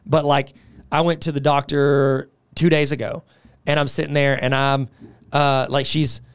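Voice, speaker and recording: A man's voice: medium pitch, level tone, a little slow, clear, resonant tone, no room sound. A man co-hosting a comedy podcast, telling rambling joking anecdotes in casual chat. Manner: jokey storyteller, rambling anecdotes. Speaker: podcast co-host.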